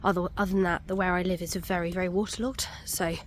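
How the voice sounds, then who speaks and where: A woman's voice: lowish voice, level tone, fast, a little hiss or hum. A young woman, out of breath, chatting casually to camera on a muddy country walk with many ums. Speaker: vlogger. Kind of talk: casual walking vlog.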